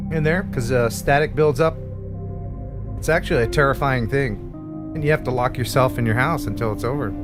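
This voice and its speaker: A man hosting a casual live-stream chat, joking and playful as he talks. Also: a little high. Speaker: host of a live show.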